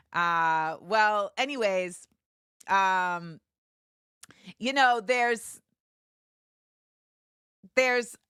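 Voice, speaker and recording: A woman hosting a live show, chatting casually with viewers and shouting them out with bursts of excitement. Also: a little high, no room sound, clean studio sound. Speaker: livestream show host.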